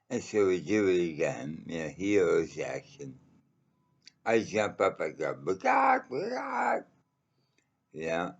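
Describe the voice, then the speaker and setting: Super deep slow-talking guy rambling thru a story, lots of ums, dull lo-fi audio. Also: vocal fry. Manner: rambling, halting, many fillers, swears casually. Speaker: channel host telling a personal story. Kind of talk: casual spoken anecdote.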